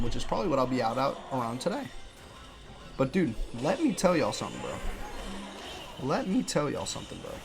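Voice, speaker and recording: A young man ranting at home about his restaurant job while playing a game, animated, profane and full of slang. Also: medium pitch, vocal fry. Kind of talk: casual rant over gameplay.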